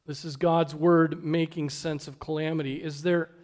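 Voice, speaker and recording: Male preacher with a high voice, earnest sermon delivery, rhetorical questions, hushed emphasis. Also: level tone, normal speed. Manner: drops to a hush for emphasis.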